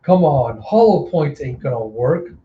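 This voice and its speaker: A man's voice: a little high, sing-song, measured pace, dark tone, reverberant, muffled recording. Brief: male reader as a cocky young brawler, blunt and mocking. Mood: taunting. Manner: taunting, blunt. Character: cocky, brash young male cyborg fighter.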